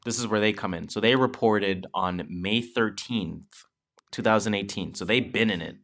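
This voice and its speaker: A man's voice: lowish voice, normal speed, fairly bright tone. A man co-hosting a podcast, reading news items aloud and adding casual, slangy commentary. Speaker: podcast co-host. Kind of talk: casual chat.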